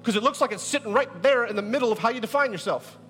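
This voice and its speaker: A pastor preaching a sermon in a lively, joking way, firing rhetorical questions at his church. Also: very high-pitched, fast, soft background music. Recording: echoey hall.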